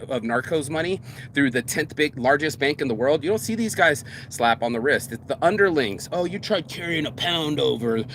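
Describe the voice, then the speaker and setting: A man's voice: medium pitch, a bit bright. Man, casual outdoor vlog, rambling and swearing, street noise behind. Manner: rambling, profane, uses "bro" often. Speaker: vlogger. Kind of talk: casual monologue to camera. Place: outdoors in public.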